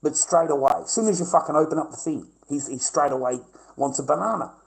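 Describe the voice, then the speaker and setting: Brief: middle-aged Australian man, fairly high-pitched, rough-tongued livestream ranter, combative and profane. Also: fast, rough recording. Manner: brash, combative, swearing constantly.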